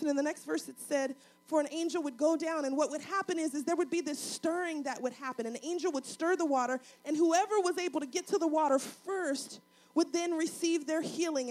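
A middle-aged woman pastor preaching a sermon in a repetitive cadence, building to fervent appeals. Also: very high voice.

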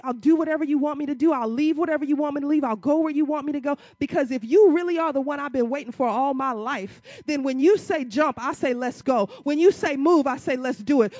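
High-voiced impassioned woman preacher. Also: no echo. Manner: impassioned, rising to loud emphatic peaks; uses casual church vernacular, rhetorical questions. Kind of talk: sermon.

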